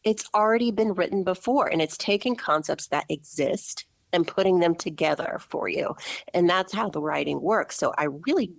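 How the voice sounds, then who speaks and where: Woman author, low gravelly voice, keen and explanatory, dry close recording. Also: moderate pace, no room sound. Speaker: guest author. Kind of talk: interview conversation.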